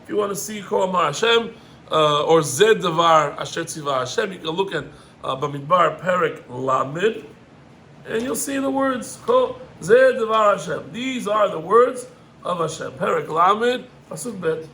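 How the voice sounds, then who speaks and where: A middle-aged man, a rabbi, gives an animated Torah lesson, climbing in pitch on emphatic points and mixing in Hebrew terms. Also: normal speed, slight background noise, low-quality recording.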